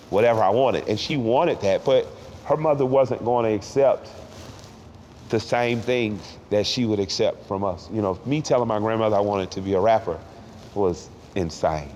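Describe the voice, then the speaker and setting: In a large hall, a man in his forties, a rapper giving an interview, talks reflectively and from the heart at a moderate pace. His voice is fairly low and a little mellow; he repeats words as feelings surge and occasionally becomes tearful. Faint hiss runs beneath it.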